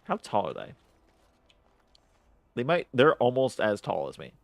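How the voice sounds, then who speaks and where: A man's voice: medium pitch, huge pitch swings, a little slow, gravelly, no room sound. Male streamer, casual swearing commentary, laughs a lot, dry close mic. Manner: profane, self-mocking, laughs often.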